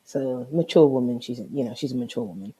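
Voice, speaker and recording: A woman's voice: rumbling low, fast talker, dark tone, breathy edge. A woman hosting a podcast, telling a story casually and with animation, swearing freely and acting out both sides of the conversation. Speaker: podcast host.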